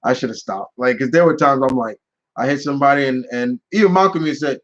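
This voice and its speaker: Male streamer host, casual rambling storyteller, mid pitch, slightly muffled audio. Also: fast. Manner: rambling storyteller with many restarts and fillers. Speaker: channel host answering live questions. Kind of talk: casual live Q&A chat.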